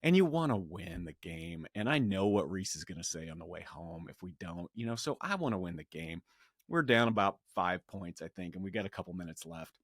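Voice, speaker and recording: Sitting low in pitch, this middle-aged man's voice is animated and brisk with a breathy edge, recorded at studio quality with no room sound. Hosting a podcast, he reflects on a personal story in a loose, conversational way, with many restarts and a quoted yell.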